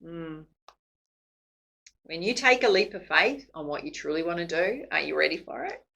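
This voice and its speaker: A woman's voice: on the low side, expressive, moderate pace, gravelly, sharp tone, rough recording. A woman doing a casual tarot reading to camera, chatty and laughing often. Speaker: psychic tarot reader.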